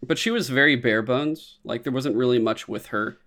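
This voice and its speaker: A man's voice: mid-range voice, moderate pace, a bit bright. Rambling, joking man in casual chat. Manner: rambling, joking, lots of fillers. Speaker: podcast co-host. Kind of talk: casual chat reviewing a show.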